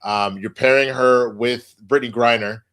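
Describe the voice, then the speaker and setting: A man's voice: medium pitch, fairly even intonation, moderate pace, fairly bright tone, clean tone. A man co-hosting a casual podcast, reading sports stories aloud and joking with his co-host. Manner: reads news aloud, joking banter.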